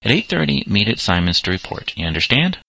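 A man's voice: fairly low pitch, sing-song, quick pace, vocal fry, sharp tone, no echo, heavily acted. A man reading a cocky, sneering teen ringleader. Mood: bossy. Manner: sneering, bossy. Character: scheming teenage boy gang leader, cocky.

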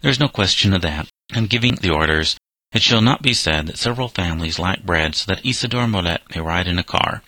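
Man reading as a gentle old florist, deep and dry. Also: expressive, fairly quick, no room sound, rough recording. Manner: gentle, earnest storytelling delivery. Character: elderly male florist, gentle, forgiving, humble.

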